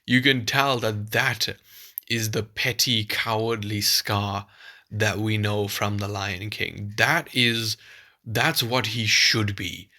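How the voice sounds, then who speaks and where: A man's voice: lowish voice, steady tone, slow, sharp tone. A man giving a casual film review, rambling and exasperated, with many restarts.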